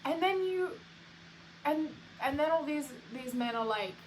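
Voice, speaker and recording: Young woman, podcast co-host, animated storyteller, bright higher voice, light background hiss. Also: rough recording. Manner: animated storytelling, quick restarts. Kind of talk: casual chat.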